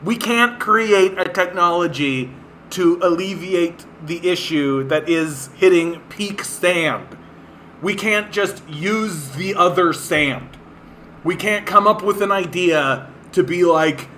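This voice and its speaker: Male streamer from Canada, exasperated sweary rant, slow delivery, slightly high pitch, faint background hiss. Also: bright, forceful tone. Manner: exasperated, sweary, laughing in disbelief. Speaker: livestream host. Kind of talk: ranting livestream commentary.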